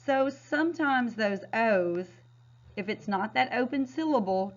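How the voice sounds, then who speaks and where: A woman teacher giving a recorded phonics lesson, modeling words clearly and patiently. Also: fairly high pitch, expressive, a little slow. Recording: dull, lo-fi sound.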